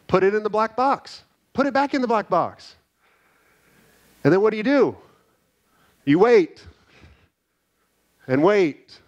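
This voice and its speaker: Man, middle-aged, conference speaker, energetic storytelling, higher-pitched voice. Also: highs cut off. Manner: energetic, animated storytelling with frequent "right?" tags. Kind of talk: keynote talk to a live audience. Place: conference hall.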